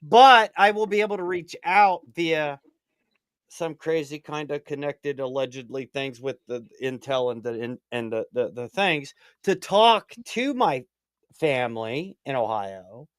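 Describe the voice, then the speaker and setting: A man in casual chat, telling rambling stories with lots of swearing and animated bursts. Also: fairly high pitch, unhurried, clean tone, no echo, clean studio sound. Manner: rambling, profane storyteller; animated, swings up in excitement. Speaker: prepper livestream co-host.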